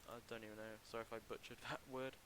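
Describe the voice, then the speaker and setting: While he builds a game level live on stream, a young man talks into a desk mic in a chatty, stop-start manner with plenty of ums and restarts. His medium-pitched voice stays level and a bit bright, over a rough recording with a little hiss or hum.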